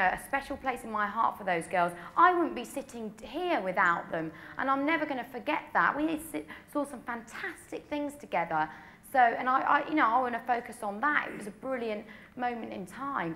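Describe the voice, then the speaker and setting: A young English woman fields reporters' questions, talking candidly with lots of "you know" and filler. Her voice is bright and sits a little high. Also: animated, a little fast, gravelly. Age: 20s. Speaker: pop singer at a press conference. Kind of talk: press conference answers.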